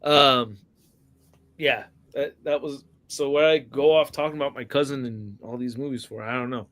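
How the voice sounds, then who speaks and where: A man's voice: mid-range voice, steady tone, normal speed, fairly bright tone. A man hosting a casual action-figure podcast, rambling through stories, laughing often and swearing freely. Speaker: podcast host.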